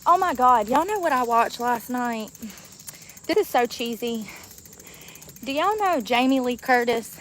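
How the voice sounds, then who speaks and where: A woman's voice: fairly high pitch, animated, a little slow, pauses often, fairly bright tone, poor audio. Woman vlogging on her phone in a park, chatty, says y'all a lot, bit winded, some outdoor noise. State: out of breath while walking uphill. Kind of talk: casual vlog chat. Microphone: phone held while walking.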